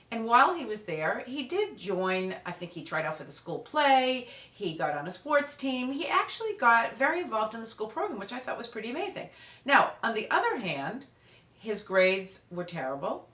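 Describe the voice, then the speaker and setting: A woman parenting expert telling lively anecdotes about parents and teenagers in a storytelling talk. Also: a little high, normal speed. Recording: echoey room.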